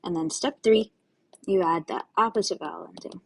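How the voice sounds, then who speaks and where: A woman's voice: lowish voice, normal speed, creaky, slight background noise. A woman Spanish teacher giving a recorded lesson, explaining step by step to her students in a patient, casual way with friendly asides.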